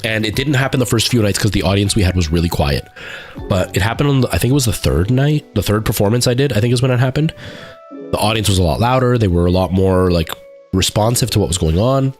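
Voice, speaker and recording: A man with a lowish voice chats loosely on his stream, circling back and restarting his sentences as he tells a story. Faint music plays quietly behind him. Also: lively intonation, fast. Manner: rambling storytelling with many fillers and restarts. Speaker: live streamer. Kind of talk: casual chat.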